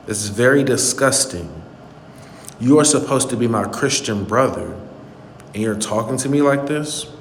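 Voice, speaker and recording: An earnest man delivers an indignant commentary monologue and hammers home his points by repeating them. His voice sits at an ordinary pitch but rings with a long echo, as if he is in a bare room, and soft music plays beneath him. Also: a little hiss or hum. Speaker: channel host. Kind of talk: commentary monologue on a played clip.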